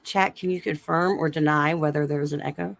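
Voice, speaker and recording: A woman's voice: low-pitched, steady tone, a little fast, gravelly, no room sound. A woman with a slight lisp co-hosting a casual live stream from a rented room on her phone, chatting and laughing with viewers. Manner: giggly, chatty with chat readers. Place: Airbnb room.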